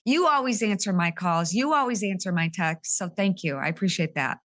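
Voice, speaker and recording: A woman's voice: mid-range voice, lively intonation, moderate pace, a bit bright. A woman hosting a conversational interview, earnest and openly emotional, speaking with indignation. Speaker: podcast host.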